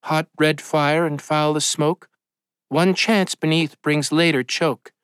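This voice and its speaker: A man voicing a sly young witch who chants a spell slowly. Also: a little high, steady tone, a bit bright, smooth, no echo.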